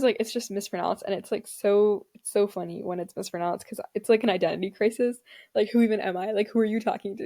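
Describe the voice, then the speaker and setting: A woman's voice: mid-range voice, dark tone. A young woman hosting a casual solo podcast, rambling with many filler words and frequent laughs. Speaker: podcast host.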